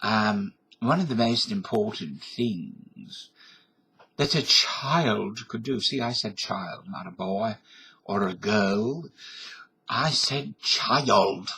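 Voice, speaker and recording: A home webcam vlogger in his fifties or sixties talks slowly and with animation in a lowish voice that's gravelly, husky, pushed and bright. His folksy monologue rambles, digresses and often corrects itself.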